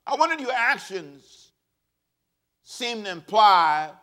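A male pastor with a high voice preaches a lively sermon slowly, leading the congregation in call-and-response and acting out quotes from people.

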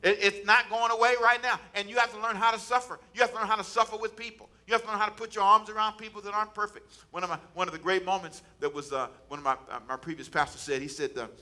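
High, bright-voiced preaching man. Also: steady tone, fast, hardly any pauses. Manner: call-and-response preaching, repeats phrases for emphasis; folksy, colloquial delivery. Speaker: pastor. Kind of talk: sermon.

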